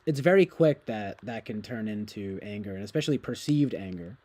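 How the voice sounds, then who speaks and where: A man's voice: on the low side, lively intonation, a little fast, a little mellow. A young man streaming, chatting casually in a rambling, profane way and laughing often.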